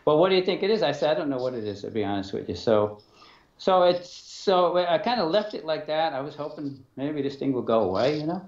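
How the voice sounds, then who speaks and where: A man's voice: a little high, expressive, a little mellow. Hesitant man telling an eerie story. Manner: halting, many fillers and restarts, acts out dialogue. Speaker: interview guest. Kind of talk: telling a personal story in an interview. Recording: dull, roomy sound.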